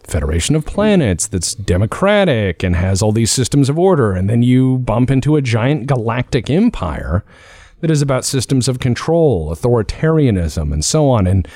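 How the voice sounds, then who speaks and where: A man hosting a podcast in casual chat, talking in an animated way and jumping between ideas. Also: medium pitch, normal speed, dry recording. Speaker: podcast host.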